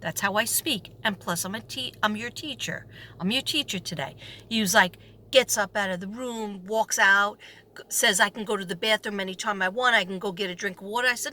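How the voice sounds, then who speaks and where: A woman with a New York accent, a substitute teacher telling a story in a sarcastic, animated way and acting out the people in it. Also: medium pitch, fairly quick. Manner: animated, sarcastic, acts out quoted voices. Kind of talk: storytelling vlog.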